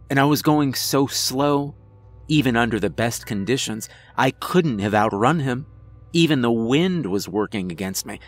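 A man narrating a first-person horror story in a measured storytelling manner. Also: lowish voice.

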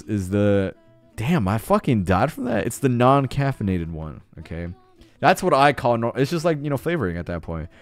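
A young man streaming a game live, talking casually, swearing often and cheering loudly at the screen. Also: mid-range voice. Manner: hyped and jittery, swears a lot, cheers loudly. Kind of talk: casual live-stream chat while gaming.

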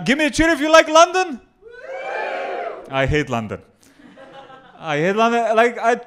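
A young Macedonian man with a Macedonian accent performing a stand-up comedy set in a club, mixing deadpan jokes with crowd work. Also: sits high. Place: comedy club before a live audience.

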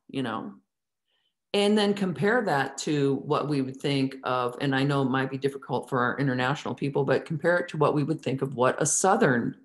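Questioning woman lecturing a theatre class. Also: sits low. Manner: poses many questions to students. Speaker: theatre instructor.

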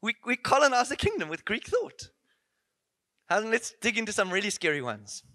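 A man preaching a conference sermon in a church, animated and playful, full of rhetorical questions and asides. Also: sits high, moderate pace, dry recording.

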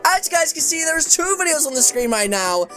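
A woman with a high, bright-sounding voice narrating her gameplay in an excitable, chatty way. She keeps turning to her viewers with a friendly "guys" as she talks. The sound is close and direct, as from a desk microphone. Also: brisk, soft background music. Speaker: gaming video creator. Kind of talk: energetic gameplay commentary.

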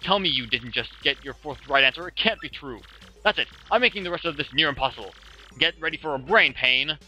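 A man's voice: fairly high pitch, lively intonation, fairly quick, bright, forceful tone, pitched above the performer's own voice. A man voicing a gloating, villainous male quiz-master guarding a fortress, in hammy game-show patter. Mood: taunting.

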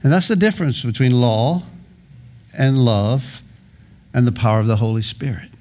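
A male pastor preaching a sermon in a church, earnest, often restarting his words. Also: a little high. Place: church sanctuary.

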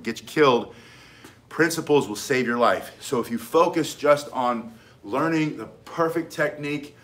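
A man's voice: medium pitch, fairly bright tone. A middle-aged man teaching self-defense in an emphatic, casual way, hammering home key points and often restarting his sentences. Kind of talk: casual instructional talk.

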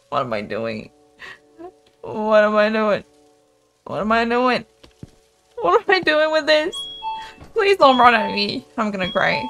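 A woman's voice: on the high side, very animated, slow, long pauses, fairly bright tone, soft background music. A young woman streaming a horror game, talking to her chat and anxiously repeating pleas as she plays. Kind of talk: horror game let's play.

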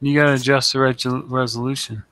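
A man explains to a friend how to fix a setting, step by step. His voice stays flat, with almost no rise and fall. The sound is dry and close. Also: mid-range voice, quick pace, dry recording. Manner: helpful, gives step-by-step instructions. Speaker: friend in the game session. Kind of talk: casual gaming chat.

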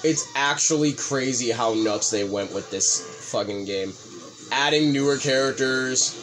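A man hosting a let's play, commentating excitedly with frequent swearing and sudden outbursts. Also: mid-range voice, unhurried, slight background noise. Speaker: gaming video host.

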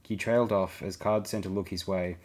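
A man reading a science fiction audiobook aloud, giving the characters' lines small shifts in pitch and volume. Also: steady tone, fairly quick. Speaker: audiobook reader. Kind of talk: scripted narration.

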